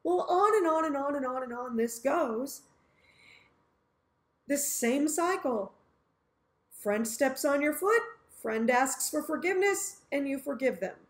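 A woman's voice: high voice, expressive, unhurried. A woman giving an earnest Bible teaching, explaining scripture through everyday scenarios she acts out.

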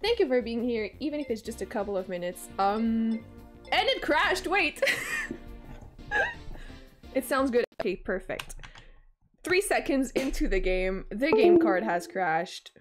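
A giggly young woman chats with her viewers during a casual game stream. Her fairly high voice swoops up and down, playful and loose. Faint game music plays behind her. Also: expressive, a little slow, long pauses.

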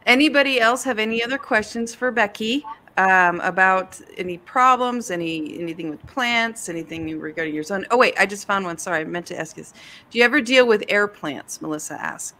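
A woman's voice: medium pitch, brisk, pushed and bright. A woman hosting a casual livestream chat with a guest, chatty and laughing often. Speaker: host, author.

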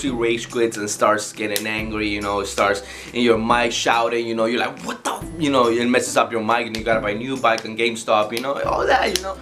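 A man's voice: mid-range voice, fairly bright tone. A young man hosting a casual gaming video, rambling with lots of "you know" fillers. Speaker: video host. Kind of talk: casual vlog talk to camera.

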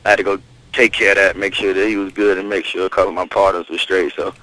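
A man's voice: low-pitched, level tone, quick pace, pushed and bright, dry recording, rough recording. A man from Florida, a rapper being interviewed, talking in a laid-back way with frequent fillers. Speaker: rapper guest. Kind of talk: phone interview chat.

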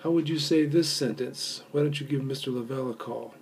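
A man's voice: medium pitch, brisk, creaky, darkish tone, a little hiss or hum. A man teaching a recorded language lesson, explaining step by step with fillers and patiently repeating phrases for learners to echo. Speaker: Mandarin teacher.

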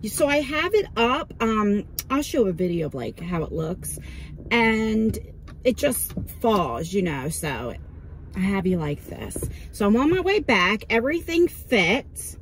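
A woman's voice: medium pitch, big pitch swings, a little slow. A woman chatting casually in a vlog, first in a car and then on a walk by a lake, recorded on a phone, rambling and laughing at herself. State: out of breath while walking. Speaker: vlogger. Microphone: phone camera, then selfie stick. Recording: noisy car and outdoor recording.

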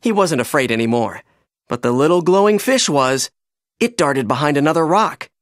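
A narrator reading a children's storybook aloud in an expressive, animated way. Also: medium pitch, normal speed, no room sound, clean studio sound.

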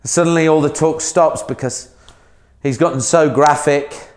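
Minister preaching conversationally. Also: male voice, a little high, fairly even intonation, a little slow, darkish tone. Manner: conversational preaching, asks the listener questions. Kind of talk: sermon.

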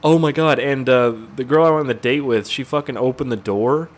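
A young adult man giving casual, jokey gameplay commentary, rambling and swearing with excitable outbursts. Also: medium pitch, a little fast. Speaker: gaming YouTuber. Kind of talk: casual let's-play commentary.

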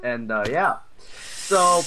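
A man's voice: medium pitch, drawn-out words, soft background music. A man hosting a casual gameplay video, rambling with lots of fillers and yelping when things go wrong. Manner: excitable and rambling, full of fillers and yelps. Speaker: gaming video host.

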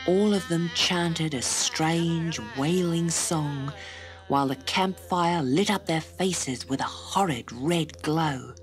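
A woman narrating a children's storybook in an expressive, measured way. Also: low voice, soft background music.

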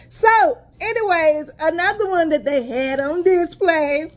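High-voiced Southern woman chatting. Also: normal speed, hardly any pauses. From Texas. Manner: chatty, addresses viewers as y'all, drifts into asides. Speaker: haul vlogger. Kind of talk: casual chat to viewers.

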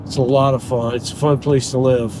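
In the noisy interior of his car, an older Southern man who drives rideshare and hosts a podcast chats casually with a passenger. He's chatty and playful, joking in put-on accents, his mid-range voice level in tone and a little fast.

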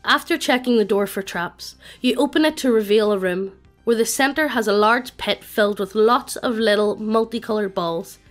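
A synthetic woman's voice, pitched a little high, narrates a tabletop adventure in a flat computer cadence. Soft music plays quietly underneath. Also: moderate pace, hardly any pauses. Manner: flat, evenly paced computer reading. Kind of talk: synthetic text-to-speech narration.

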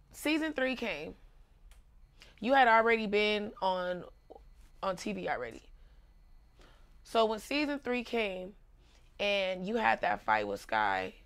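Woman host, gravelly voice, middle-aged, Los Angeles vernacular accent, frank and encouraging. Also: mid-range voice, a bit bright. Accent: African American Vernacular English, Los Angeles. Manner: encouraging, frank, curse-laced. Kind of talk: casual interview chat.

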